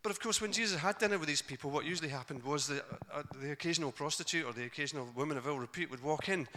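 Bright, animated preacher man. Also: on the high side, very fast. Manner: animated storytelling, acting out voices of the characters. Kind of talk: sermon.

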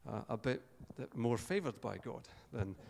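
Scottish preacher in a reverberant hall. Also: male voice, mid-range voice, expressive, moderate pace, vocal fry, darkish tone. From Scotland. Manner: chatty, joking asides, frequent fillers and restarts. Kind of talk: informal sermon with storytelling.

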